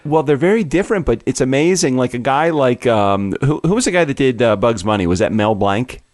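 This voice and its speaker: A man's voice: medium pitch, expressive, a little fast, a little mellow, no echo, clean studio sound. A man co-hosting a business podcast in a casual, rambling chat, often interrupting himself and laughing. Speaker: podcast co-host.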